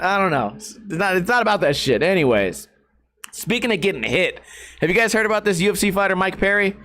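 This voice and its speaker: A man's voice: high voice, expressive, moderate pace, bright, forceful tone. Brash, profane man hosting a podcast. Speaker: podcast host. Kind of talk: casual solo podcast rant.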